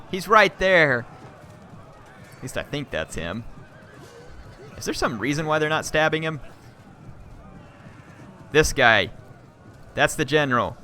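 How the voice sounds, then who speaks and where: A man live-streaming a strategy game, excitably yelling orders at his units and chatting with viewers. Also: medium pitch, slight background noise.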